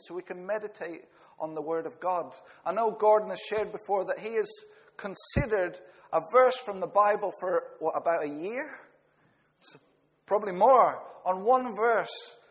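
A man preaching a sermon, earnest, with small slips and self-corrections. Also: sits high. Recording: long reverb of a hall.

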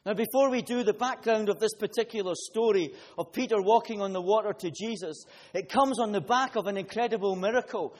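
Brief: male preacher, higher pitch, earnest and emphatic sermon. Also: a little mellow. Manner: earnest, builds up with rising emphasis.

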